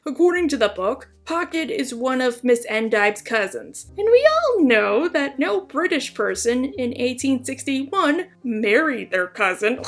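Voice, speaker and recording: A woman's voice: high voice, sing-song, unhurried, few pauses. A young woman narrating a comedic video essay, with sarcastic, joking commentary.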